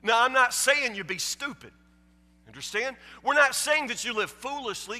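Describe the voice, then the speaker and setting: A man delivers a sermon in a high, piercingly bright voice. He presses his points hard, stumbles into quick restarts, and keeps checking whether his listeners understand. His words ring out with the long reverb of a large hall. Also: expressive. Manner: emphatic, repeats "you understand?"; stammering restarts, drops low and soft for the story. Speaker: preacher.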